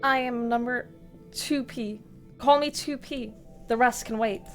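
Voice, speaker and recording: A woman voicing a calm, serious android who speaks in an earnest, commanding way. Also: on the high side, a little slow, soft background music. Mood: resolute.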